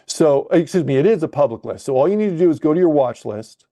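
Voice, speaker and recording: A man coaching a live webcast lesson, thinking aloud and correcting himself as he clicks through trading software. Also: fairly high pitch, lively intonation, quick pace.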